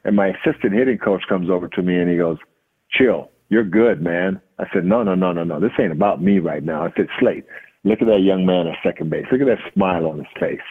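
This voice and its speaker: Hitting coach guy telling a story, acts out both sides, husky, sounds like a phone line. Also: deep voice, fast. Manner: acts out quoted dialogue. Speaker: podcast guest, hitting coach. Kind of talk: animated storytelling.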